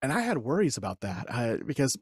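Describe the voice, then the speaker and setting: A man's voice: mid-range voice, fairly quick, breathy edge, no room sound, studio quality. A man in his forties, a podcast guest, telling a story in casual interview talk and acting out quoted dialogue with frequent laughs. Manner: animated, acts out quoted dialogue, laughs often.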